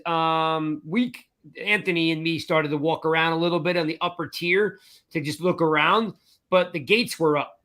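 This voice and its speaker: A man with a high, bright voice spins a long story on a casual sports chat show. He talks loosely and lively, tosses in "right?" again and again, and slips into quick impressions of the people in his tale. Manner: animated storyteller, acts out voices, repeats "I'm like" and "right?". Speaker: podcast co-host.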